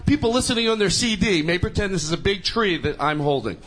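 A man's voice: sits high, fast. A man doing a rambling stand-up routine, laughing at his own jokes. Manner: rambling, giggly, animated. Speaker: stand-up comedian.

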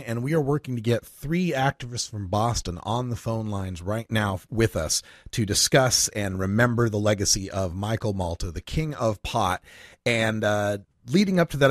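A man's voice: lowish voice, no room sound, clean studio sound. A man hosting a talk radio show, speaking in a conversational, somber way with fillers.

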